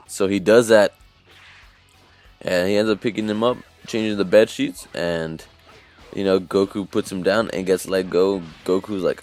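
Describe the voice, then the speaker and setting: A man's voice: on the low side, normal speed, faint music behind. A man casually recapping an anime episode as a reviewer, rambling with lots of fillers and restarts.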